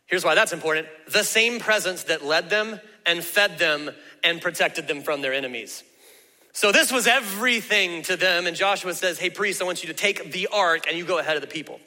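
A man's voice: sits high, pushed and bright, in a large hall. A man preaching a sermon as pastor, in a folksy, conversational way with emphatic asides.

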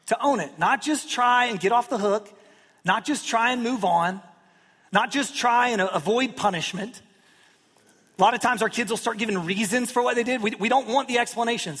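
High-voiced pastor in a reverberant church. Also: male voice, fairly bright tone. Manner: conversational, self-deprecating humor with acted-out quotes. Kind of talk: sermon. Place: church sanctuary. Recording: long hall reverb.

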